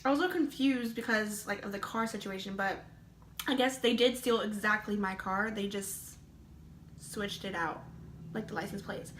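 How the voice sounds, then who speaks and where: A woman's voice: mid-range voice, a bit bright, slight background noise. A young woman telling a personal story in a casual vlog, chatty and full of "like", with laughing asides. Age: young adult. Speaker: vlogger. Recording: roomy echo.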